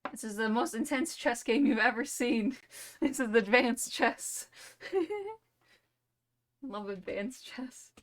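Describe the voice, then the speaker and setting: A woman's voice: fairly high pitch, slow, a bit bright. A woman streamer spinning a playful, dramatic, rambling story in casual livestream chat.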